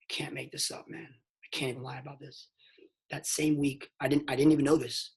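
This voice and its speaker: A man telling a motivational story on a mentorship call, emphatic and excitable, swinging between hushed and loud and calling listeners "bro". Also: mid-range voice, a little fast. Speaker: network marketing mentor.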